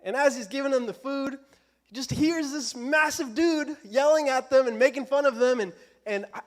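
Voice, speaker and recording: A man's voice: extremely high pitch, moderate pace. A young man preaching a casual youth sermon in a church, joking and self-deprecating.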